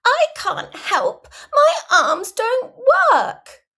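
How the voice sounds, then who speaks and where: A woman voicing a stubborn little girl in the middle of a tantrum, shrill, demanding and whiny. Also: wildly swooping pitch, drawn-out words, sharp tone, full character voice.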